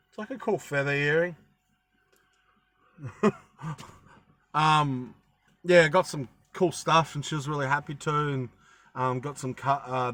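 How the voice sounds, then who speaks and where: A man's voice: on the high side, pushed and bright. A young man chatting casually to camera, rambling with lots of ums and restarts, with a bit of a cough. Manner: rambling, many ums and self-corrections. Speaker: travel vlogger.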